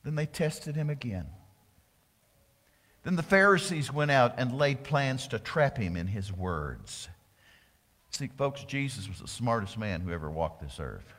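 A man preaching a sermon as pastor, animated, acting out the voices of the people in his story. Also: mid-range voice, big-room sound. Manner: animated preaching, acts out voices of crowds and priests.

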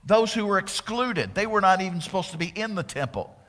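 A male pastor preaches with a lively, swooping delivery, acting out the voices of the people in his story. His voice sits a little high for a man. It rings with long reverb, as in a large hall. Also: fairly quick. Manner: animated preaching, acts out voices of crowds and priests. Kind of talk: sermon.

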